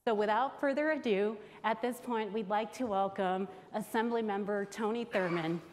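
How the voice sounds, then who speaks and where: A woman in her thirties hosting a conference, telling a personal story to the audience in an anecdotal way with pauses. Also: medium pitch, background noise. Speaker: conference host introducing candidates. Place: large conference hall. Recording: long hall reverb.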